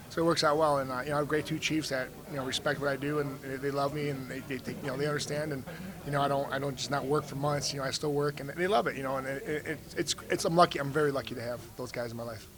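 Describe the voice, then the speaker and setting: A man from Cleveland, a fighter answering press questions in casual talk, quick and full of "you know" and restarts. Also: on the high side, low-quality recording. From United States, Cleveland. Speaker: fighter being interviewed. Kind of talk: casual media scrum answers. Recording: crowd chatter behind.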